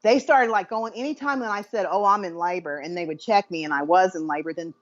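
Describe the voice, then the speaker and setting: Woman, low voice, dull lo-fi recording, chatty storytelling co-host. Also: fairly quick. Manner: animated, laughing anecdote teller. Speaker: podcast co-host. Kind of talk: casual chat, storytelling. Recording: dull lo-fi sound.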